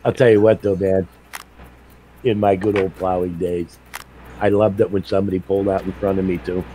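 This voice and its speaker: A middle-aged man with a somewhat low voice chats casually while streaming a game. He tells stories bluntly and swears constantly, laughing at his own tales. A faint noise sits behind him. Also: little pitch movement, brisk, mellow, poor audio. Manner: blunt, profane storytelling with laughs. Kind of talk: casual chat while gaming.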